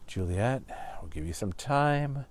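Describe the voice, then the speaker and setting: A man voicing a detached noble mother in a quiet, subdued way. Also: mid-range voice, wildly swooping pitch, moderate pace. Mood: soothing.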